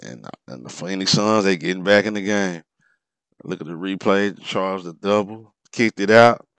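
A man giving casual, animated commentary over a basketball replay, exclaiming and reacting to each play. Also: low voice, normal speed, clean tone, dry recording. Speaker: sports commentator.

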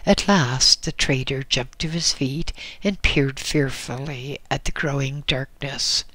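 A man narrating a book in a slow, measured reading. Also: mid-range voice, steady tone, pushed and bright, no echo. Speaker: audiobook narrator. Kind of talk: scripted narration.

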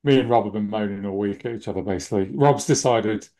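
Podcast cohost guy, mellow warm tone, jokey n self-deprecating, on a call. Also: lowish voice, quick pace. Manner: jokey, self-mocking, animated. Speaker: podcast co-host. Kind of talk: casual podcast chat. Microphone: remote call.

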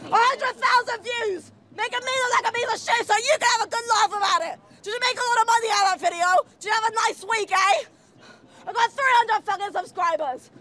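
A woman shouting furiously and swearing in a tearful street confrontation in a public park. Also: very high voice, quick pace. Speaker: debate participant. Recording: crowd noise outdoors.

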